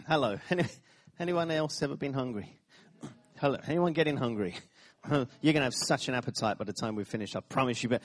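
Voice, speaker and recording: A man preaching a sermon, telling stories with laughing asides, repeated phrases and sudden bursts of emphasis. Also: a little high. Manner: animated storytelling, laughing asides, repetitions.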